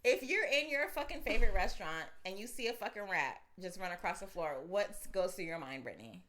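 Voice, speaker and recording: A woman co-hosting a podcast, chatting casually, loud and profane, often laughing as she tells it. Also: medium pitch, expressive, brisk, slight background noise. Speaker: podcast co-host. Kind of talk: casual chat.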